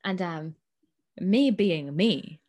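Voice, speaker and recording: A woman's voice: fairly low pitch, lively intonation, very slow. A young woman with an Irish accent, chatting casually and acting out quoted exchanges as she tells a story. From Ireland. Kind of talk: casual chat.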